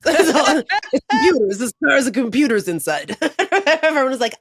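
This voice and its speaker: A woman's voice: fairly high pitch, moderate pace, no echo. Woman co-host, casual podcast chat, laughs a lot, rambles, dry close studio sound. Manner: animated, laughing often, rambling asides.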